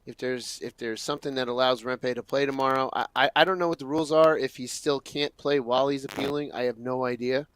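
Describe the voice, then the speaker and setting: A man telling stories on a casual hockey podcast, halting with fillers. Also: mid-range voice, a bit bright, clear, resonant tone. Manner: anecdotal, halting. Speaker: podcast co-host. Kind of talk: casual storytelling chat.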